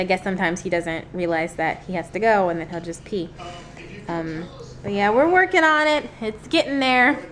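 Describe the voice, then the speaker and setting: A young woman vlogging casually, chatting and playing with her toddler in a sing-song way. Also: mid-range voice. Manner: chatty, playful baby talk with her toddler. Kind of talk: casual family vlog.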